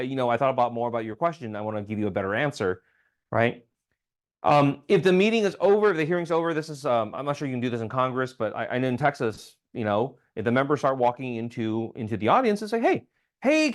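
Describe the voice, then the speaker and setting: This man, a state legislator, has a medium pitch and delivers an informal training session at a town hall. His talk is full of ums and false starts, and he often pauses to ask "okay?".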